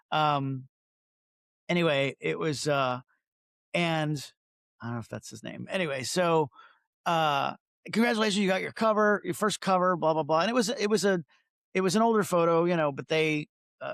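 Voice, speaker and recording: A man's voice: on the high side, creaky, a bit bright, no echo. A middle-aged man, a photographer, telling stories in a casual interview, chatty and self-interrupting, acting out quoted dialogue.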